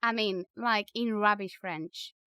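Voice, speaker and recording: A woman author in an interview, telling a story in a casual, animated way, acting out the dialogue and laughing often. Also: mid-range voice, slow pace, clear, resonant tone, no echo, clean studio sound.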